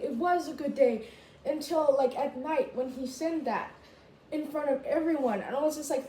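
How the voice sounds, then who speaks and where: A woman in a casual rant to camera as a vlogger, chatty and full of "like", jumping high in pitch when she quotes herself. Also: moderate pace, mellow. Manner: chatty, full of "like" and "I was just like". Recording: echoey room, faint background noise.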